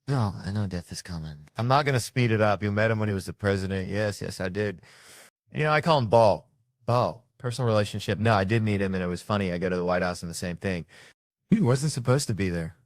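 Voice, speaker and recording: A man performing stand-up comedy, telling stories in an animated, profane way. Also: lowish voice, quick pace, no room sound, studio quality.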